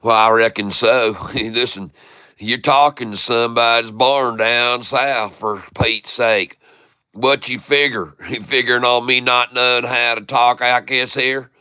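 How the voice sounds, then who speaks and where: A folksy, drawling rural Southern man, put on by a man with a thick Southern accent spins tall talk in a bright, forceful voice. The tone is crisp and smooth, recorded dry and close. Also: mid-range voice, fairly even intonation, measured pace, no room sound.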